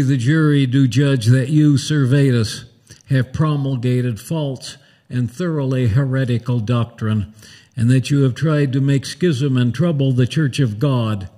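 A man's voice: medium pitch, mellow, close to an everyday voice. A man reading as a formal juror.

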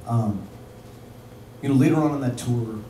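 A man of middling pitch spins a rambling, laughing story on stage, packed with "like" and "you know". The sound is distant and echoey in a bar venue, with steady noise around it. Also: normal speed. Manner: rambling and laughing, full of fillers. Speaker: musician telling a story on stage. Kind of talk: live anecdote. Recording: echoey live room from far off with noise.

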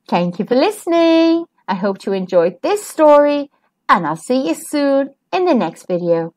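A woman reading a children's picture book aloud as a storytime host, gentle and expressive. Her voice is high and animated, rising and falling over a wide range. She reads at an unhurried pace. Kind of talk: children's read-aloud narration.

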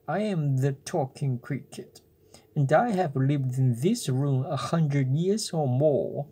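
A reader voicing a patient, wise old talking cricket who lectures calmly in a bedtime storybook reading. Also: mid-range voice, slow, slightly rough. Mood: stern. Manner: calm, lecturing.

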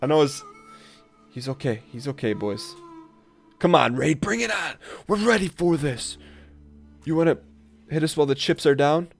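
A man doing let's play commentary on a colony game, talking to his colonists and jumping between rattled bursts and low mutters, with keyboard clicks behind. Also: expressive, normal speed, creaky, long pauses, faint music behind. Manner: jumpy, talks to his colonists, spikes loud when tense.

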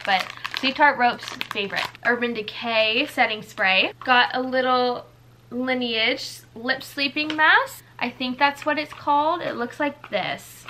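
A woman's voice: on the high side, noisy background. A woman in her twenties from the United States, chatting casually through a haul of gifts, gushing and rambling with fillers. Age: 20s. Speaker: vlogger.

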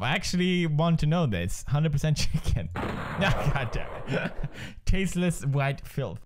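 Excitable swearing gamer man. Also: a little high. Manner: excitable, yelling and swearing at the game. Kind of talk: let's play commentary.

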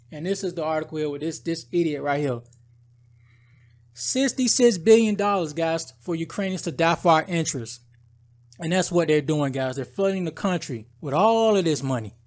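Guy vlogging, high voice, fired-up rambling rant, lots of "bro". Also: a little mellow. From United States. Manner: heated, rambling, says "bro" and "guys" often. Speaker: political commentary vlogger. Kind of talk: casual ranting commentary.

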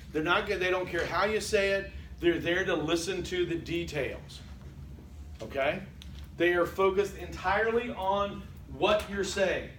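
A man's voice: sits high, fairly bright tone. An older man lecturing a college class in a conversational way, often checking in with "Okay?" and quizzing the students. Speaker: college instructor. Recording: echoey classroom from far off, faint hiss.

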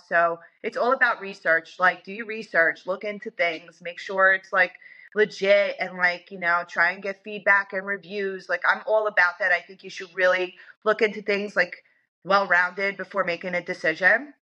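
A woman's voice: medium pitch, fairly even intonation, moderate pace, sharp tone, lo-fi sound. A woman guest in a casual interview, talking in a chatty way full of "like" and "you know". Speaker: interview guest, dog owner.

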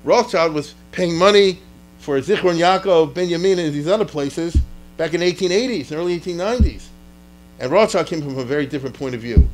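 A male rabbi teaches history in a loose, animated way, acting out what historical figures said and checking that his listeners follow. His voice sits a bit higher than most men's. A faint electrical hum runs under the recording. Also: brisk, low-quality recording. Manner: animated, talks to the class directly and often asks "you get it?". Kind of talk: informal history lecture.

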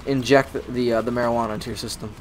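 A man with a sore throat, playing a video game with a friend and joking, yelling when startled. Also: medium pitch, steady tone, racing. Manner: joking, shouts in panic. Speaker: gamer. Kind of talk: casual gameplay chat.

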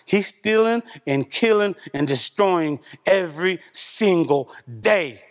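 A man preaching a sermon as pastor, a father of a young son, talking animatedly and swinging between loud bursts and hushed asides. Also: sits high, measured pace, few pauses. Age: young adult or middle-aged, father of a young son. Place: church.

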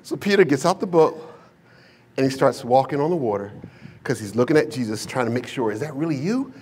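A man's voice: mid-range voice, fairly quick, darkish tone, a little hiss or hum. A male pastor preaching a sermon to a congregation in a church, mixing humor, slang and rhetorical questions into his storytelling. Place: church sanctuary with a live congregation.

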